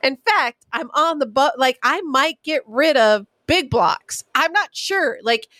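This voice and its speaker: A woman's voice: high voice, lively intonation, unhurried, sharp tone, no room sound. Chatty woman from California. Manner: candid storytelling with laughs and swearing. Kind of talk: casual chat.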